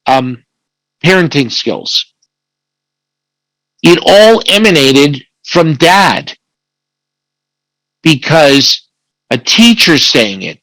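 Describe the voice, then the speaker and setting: Mężczyzna, powolny wykład prawnika. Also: male voice, fairly high pitch, sing-song, extremely slow, long pauses, fairly bright tone, dry recording, low-quality recording. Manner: acts out quoted dialogue, self-corrects. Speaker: family law attorney presenting. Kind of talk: online presentation with slides.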